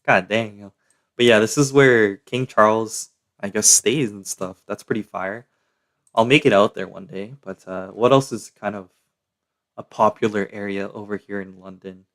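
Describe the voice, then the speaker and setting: Young dude rambling to his stream chat, slangy, lowish voice. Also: steady tone, moderate pace, fairly bright tone. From Canada. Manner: slangy and chatty, full of "yo" and "like". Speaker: live streamer. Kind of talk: casual live-stream commentary.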